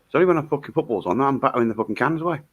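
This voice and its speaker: A man's voice: mid-range voice, animated, very fast, a bit bright, no room sound, lo-fi sound. A man in casual chat, blunt and sweary, laughing often.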